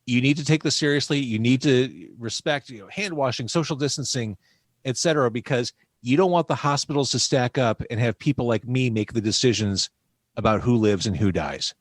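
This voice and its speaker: A man's voice: mid-range voice, brisk, dry recording. A man hosting a podcast, chatting casually and expressively with his guest. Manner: enthusiastic, expressive interviewer. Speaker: podcast host. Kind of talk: casual interview chat.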